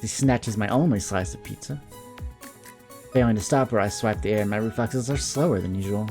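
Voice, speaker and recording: A Southern man narrating a visual novel playthrough, calm and wry. His voice is warm and mellow, and soft music sits underneath. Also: lowish voice, brisk. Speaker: let's play host.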